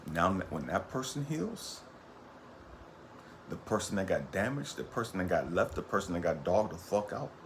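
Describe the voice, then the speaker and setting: A man giving an impassioned motivational monologue as a spiritual coach. He talks in a profane, streetwise preaching cadence, repeats his points, and swings from low murmurs to loud bursts. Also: a little hiss or hum.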